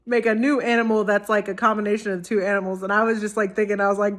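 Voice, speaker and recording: A woman's voice: medium pitch, flat delivery, quick pace, few pauses. A tired young woman vlogging casually, giddy and giggly, rambling with many restarts.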